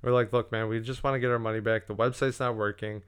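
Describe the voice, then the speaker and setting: A man's voice: fairly low pitch, fairly even intonation, fast talker, smooth. A young man casually telling a profane story on a podcast, acting out what everyone said.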